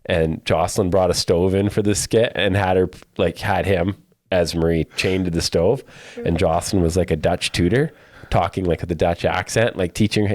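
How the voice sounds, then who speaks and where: Low-voiced chatty man on a podcast. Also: normal speed, a little mellow, dry recording, clean studio sound. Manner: chatty storyteller, laughs often. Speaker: podcast co-host. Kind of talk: casual chat.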